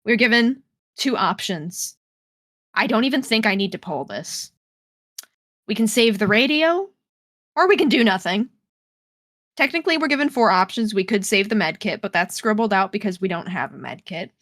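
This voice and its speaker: A woman's voice: medium pitch, animated, moderate pace, long pauses, a bit bright, dry recording, clean studio sound. A woman live-streaming a game, chatting with her viewers in a playful, dramatic way and reading the game's text aloud. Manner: playful, dramatic, talks to chat.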